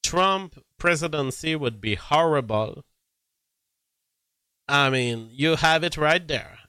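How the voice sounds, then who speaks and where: A man's voice: fairly high pitch, animated, slow, long pauses, sharp tone, clear, resonant tone, no echo. A man, a blunt and profane political commentator, reading posts aloud and giving his opinion on them in casual talk.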